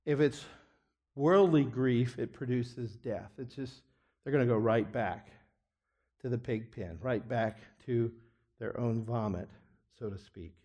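A middle-aged man teaching a biblical counseling class in an earnest, deliberate way, often letting his voice fall quiet at the ends of phrases. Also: medium pitch. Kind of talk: classroom lecture.

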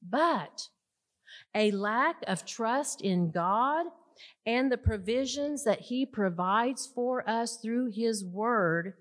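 A woman teaching scripture to a women's audience, emphatic, asking rhetorical questions and pausing for effect. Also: on the high side. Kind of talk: sermon.

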